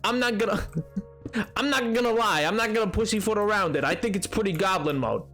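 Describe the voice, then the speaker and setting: A man's voice: high-pitched, a little fast, a bit bright, soft background music. A man streaming a game, chatting casually with his viewers in a rambling, jokey way that keeps tripping over its own words. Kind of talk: casual live-stream chat.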